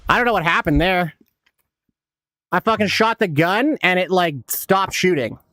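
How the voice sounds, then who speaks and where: A man's voice: sits high, normal speed, sharp tone, dry recording. A man in his thirties giving casual, laid-back gameplay commentary as a streamer, swearing a lot and laughing often. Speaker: game streamer.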